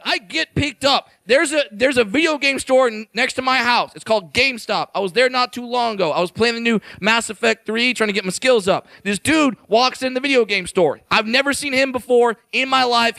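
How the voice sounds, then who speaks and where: A man in his twenties doing a brash, crude stand-up set, shouting his punchlines. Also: extremely high pitch, vocal fry, no echo. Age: 20s. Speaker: stand-up comedian.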